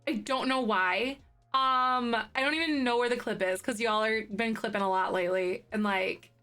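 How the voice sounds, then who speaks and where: A woman in her thirties chats casually with her live-stream audience, giggly and talkative, laughing often between thoughts. Her voice sits high and bright, and faint music runs underneath. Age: 30s.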